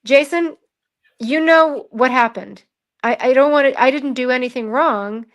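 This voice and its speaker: Californian lady chatting on a stream, kinda high voice, lots of ums and restarts. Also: measured pace. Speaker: livestream guest. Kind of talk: casual chat.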